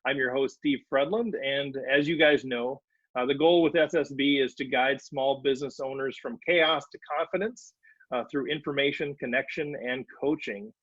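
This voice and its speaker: A man's voice: medium pitch, steady tone, moderate pace, a bit bright, dry recording. A man hosting a podcast interview in a friendly way, starting many phrases with "uh". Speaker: podcast host. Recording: dry, dull, lo-fi recording.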